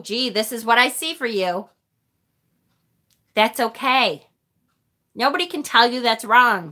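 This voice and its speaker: A woman's voice: sits high, bright, forceful tone. A woman hosting a live tarot stream, talking casually and animatedly with the occasional mild swear.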